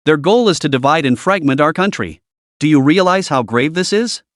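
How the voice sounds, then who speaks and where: A man's voice: on the high side, expressive, normal speed, no room sound, clean studio sound, natural voice. A man voicing a cunning, relentless male interrogator who presses with rising questions. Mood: pressing.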